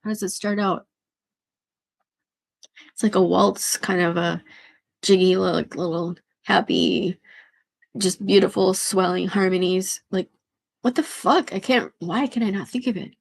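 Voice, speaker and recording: A hoarse woman who is losing her voice, chatting in a scattered, rambling way on a live stream and swearing freely. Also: mid-range voice, fairly even intonation, measured pace, long pauses.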